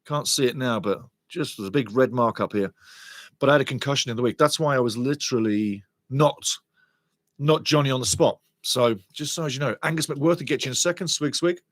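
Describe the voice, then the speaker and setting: A man's voice: mid-range voice, fairly quick, no room sound. A man hosting a live football watch-along stream, chatting casually and reading viewer comments aloud. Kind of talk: live stream chat and match talk.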